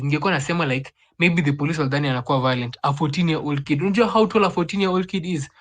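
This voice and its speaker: A Kenyan man talks fast in a live online audio room. His voice sits a little high, and he is furious and curses freely. He switches back and forth between Swahili and English. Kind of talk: impassioned casual talk.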